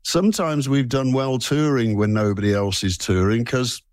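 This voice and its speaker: A man's voice: mid-range voice, moderate pace, dry recording. Brummie guy in his 60s, laid back, musing as an interview guest, dry sound. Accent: Birmingham. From Birmingham, England. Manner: relaxed, musing, chuckles at himself. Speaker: musician guest. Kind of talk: casual interview chat.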